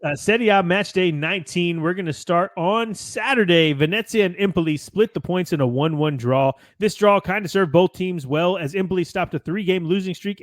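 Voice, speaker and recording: An American podcast host with a slightly high voice reads a match recap from his notes, adding casual asides. He's chatty and often corrects himself, recorded dry on a close mic.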